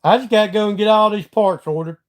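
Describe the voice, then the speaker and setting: Talking fast in a high voice, a middle-aged Georgia man with a Southern accent hosts a casual live stream. He chats in a folksy way, reading out his viewers' comments and replying to them.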